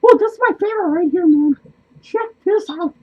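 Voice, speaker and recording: Casting: lonely, manic, foul-mouthed clown, squeaky and very high, in a muffled lo-fi home recording. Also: male voice, fairly quick. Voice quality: squeaky, swears constantly, laughs wildly. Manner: excitable, rambling, loses his train of thought. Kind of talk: comedic character monologue. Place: small cluttered home studio indoors.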